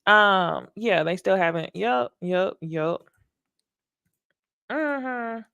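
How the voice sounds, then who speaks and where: A woman's voice: mid-range voice, animated, extremely slow, creaky, sharp tone, clean tone, no room sound. A woman with a Southern American accent hosting a casual, candid recap talk show, chatty and emphatic. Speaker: host.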